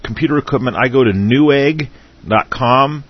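Guy with a weak husky voice, low, rambling and tripping over words, muffled lo-fi line. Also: moderate pace. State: weak, recovering voice. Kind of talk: casual internet radio chat. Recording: dull lo-fi call audio.

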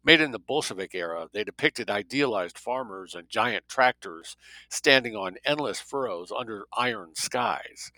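A man reading fiction aloud in a steady, measured way. His voice is low-pitched with a sharp, forceful edge. It is recorded dry and close, with no room sound. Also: dry recording, poor audio. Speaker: narrator. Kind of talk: audiobook narration.

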